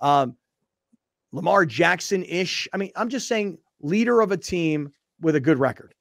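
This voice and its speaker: Animated man hosting sports radio. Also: on the high side, measured pace, creaky, no echo, studio quality. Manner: animated, mocking, shifts into impressions. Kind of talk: casual sports talk.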